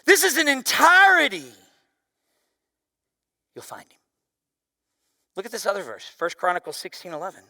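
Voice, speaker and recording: A man preaching a sermon as pastor, with a loud voice that swings from forceful emphasis down to near-whispers. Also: sits high, huge pitch swings, moderate pace, pauses often, dry recording, studio quality, big-room sound.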